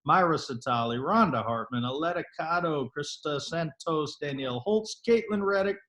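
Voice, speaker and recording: A woman co-hosting a team call, reading out a list of names in a relaxed, matter-of-fact way. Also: low voice, normal speed. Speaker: co-host.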